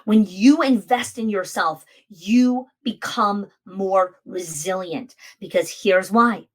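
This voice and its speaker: A woman hosting a motivational podcast, speaking emphatically and repeating key phrases for effect. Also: mid-range voice. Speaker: podcast host.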